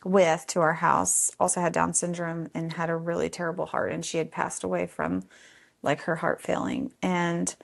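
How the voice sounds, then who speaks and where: A woman telling stories from the foster home she runs, conversational and animated, voicing other people in the story with sudden jumps in pitch. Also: moderate pace, gravelly. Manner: animated, acts out quotes with big pitch jumps.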